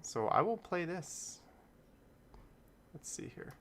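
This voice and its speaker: A man's voice: a little high, very animated, slow, a bit bright. Easygoing man rambling on a live stream. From Canada. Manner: rambling, easygoing, chuckles often. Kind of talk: casual live-stream chat.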